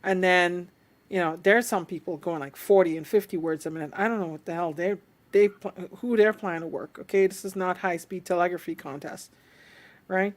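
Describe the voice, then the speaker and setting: A woman's voice: fairly low pitch, a little fast. A woman with an alto voice, hosting a casual chat and explaining things in a chatty way. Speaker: host.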